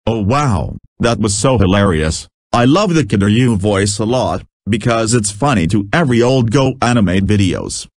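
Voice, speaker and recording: A man hosting his channel, giving a casual software tutorial in a slow, plain, slightly halting way. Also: fairly low pitch, animated, dry recording, studio quality. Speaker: channel host.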